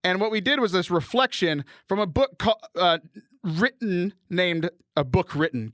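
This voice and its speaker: A man co-hosting a chatty podcast, joking at his own expense with quick laughs and talking through bronchitis. His voice sits high and swings widely, bright and tense in tone. The sound is dry and close. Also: very animated, no room sound. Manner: jokey, self-deprecating, quick laughs. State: has bronchitis. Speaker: podcast host. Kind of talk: casual chat.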